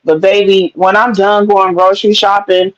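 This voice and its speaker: A woman's voice: mid-range voice, level tone, moderate pace, no room sound, highs cut off. A woman guest on a livestream, telling stories bluntly and cursing freely. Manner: blunt and profane storytelling. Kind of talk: casual gossip chat.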